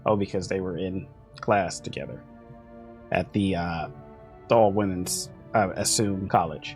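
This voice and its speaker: A man's voice: deep voice, a little slow, darkish tone, faint music behind. A man playing a video game, reading in-game notes aloud and adding chatty, rambling asides. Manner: chatty asides, trailing off mid-thought. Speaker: gaming youtuber. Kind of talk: casual let's-play commentary, reading in-game notes aloud.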